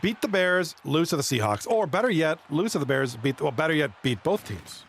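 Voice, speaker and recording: Male live streamer, chatty and excitable, slightly raised pitch. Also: fairly quick, vocal fry, slight background noise. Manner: rambling, excitable, chats with viewers. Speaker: live streamer and league commentator. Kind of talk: casual live-stream chat.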